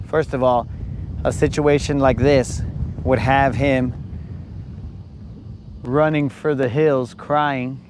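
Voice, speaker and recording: A man's voice: mid-range voice, steady tone, takes it slowly, pauses often, darkish tone, a little hiss or hum. A man chatting casually and teasing his brother while fishing from a boat on a lake. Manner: teasing, joking banter. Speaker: fishing vlogger. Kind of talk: casual live-stream chat.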